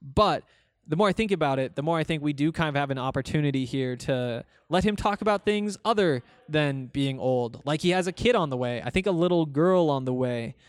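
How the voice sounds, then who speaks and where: A young man hosts a casual solo podcast, answering listener comments in a rambling, conversational style packed with fillers and restarts. His voice is fairly high and fairly quick, and the recording is dry.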